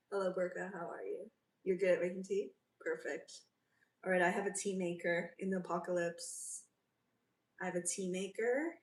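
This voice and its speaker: A woman's voice: on the low side, steady tone, measured pace, long pauses, fairly bright tone. A woman from South Africa hosting a casual livestream, chatting and reading out and answering viewer comments. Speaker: livestream host. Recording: roomy, from a distance.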